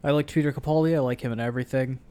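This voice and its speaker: A man in an ordinary mid-range voice chats through movie scenes, stacking up fillers and cursing freely. His talk is loose and unpolished, like a relaxed podcast conversation between friends. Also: medium pitch, rapid-fire, smooth. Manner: loose, filler-heavy, swearing, retelling scenes. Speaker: podcast co-host. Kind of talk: casual movie discussion.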